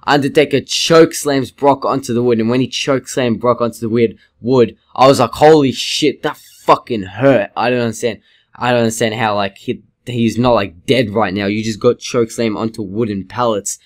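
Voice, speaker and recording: A man giving a casual, rambling video review, excitable and swearing freely. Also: mid-range voice, fairly quick. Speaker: wrestling reviewer.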